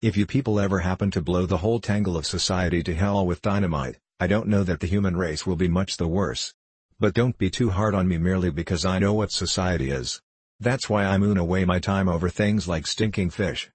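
Guy reading jaded gentleman sleuth, low husky voice, dry ironic drawl. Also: a little fast, dry recording. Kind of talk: audiobook dialogue reading.

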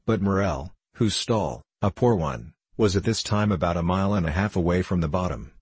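A man narrating an audiobook novel in a measured, even reading. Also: low voice, slightly rough, no echo. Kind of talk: scripted narration.

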